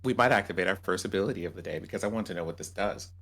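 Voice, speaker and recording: A man playing a tabletop game, reasoning things through in a thoughtful, measured way. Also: sits low, fairly bright tone. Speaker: player. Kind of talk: casual tabletop role-play.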